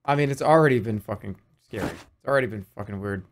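A man in his thirties playing a video game, swearing and swinging between low mutters and excited yelps. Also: fast talker. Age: 30s. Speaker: streamer. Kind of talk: let's play commentary.

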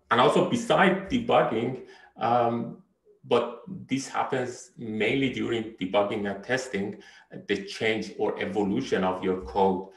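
Poor audio with a roomy sound carries a man's voice on the low side as he lectures at a university. He hesitates often, restarts sentences, uses lots of fillers, and repeatedly checks in with "right?"

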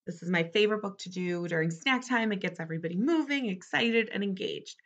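A woman's voice: mid-range voice, animated, fairly quick, highs cut off. A woman teacher reading a picture book aloud to children, talking to them directly in a friendly way.

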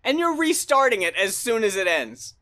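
Lively, blunt woman chatting. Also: a little high, moderate pace. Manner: animated, blunt and profane. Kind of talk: casual review chat.

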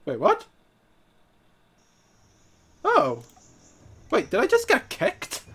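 A man's voice: very high-pitched, huge pitch swings, extremely slow, pauses often, fairly bright tone, soft background music. A man with a congested, nasal voice from a cold, giving chatty gameplay commentary and exclaiming at mishaps. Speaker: gaming YouTuber.

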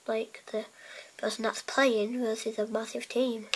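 A woman's voice: on the high side, steady tone, slow pace, pauses often, slight background noise, poor audio. A woman chatting casually while playing a game, giggly and teasing, rambling on. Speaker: gamer.

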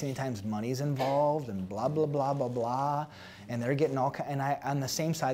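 Brief: man in his thirties, pastor being interviewed, candid and lively, voices other people in his stories, mid-range pitch. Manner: animated storytelling, acts out dialogue.

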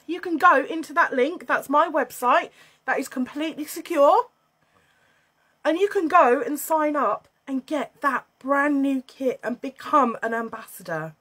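British woman, bubbly and scatty, high voice, chats live at home on her phone. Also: a bit bright, slightly rough. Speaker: livestream host selling beauty and wellness kits. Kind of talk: casual livestream chat.

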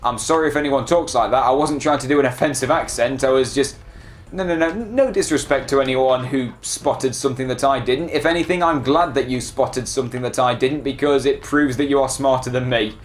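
A man giving casual, excitable commentary while playing a video game and talking back to it. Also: mid-range voice, brisk, a little hiss or hum. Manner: chatty, excitable, self-deprecating, talks to the game. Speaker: let's play gamer.

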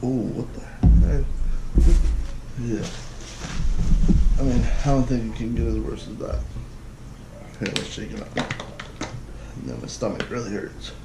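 A man's voice: medium pitch, a little slow, pauses often. A man chatting casually through a taste-challenge vlog, exclaiming and groaning at what he tries. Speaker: vlogger. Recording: echoey room with loud background noise.

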